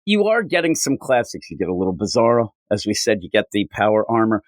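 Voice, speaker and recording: A man's voice: on the low side, no echo, poor audio. A man co-hosting a podcast, reviewing comics in casual chat and acting out characters' lines. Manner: animated, acts out characters' lines in quick voices. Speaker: podcast co-host.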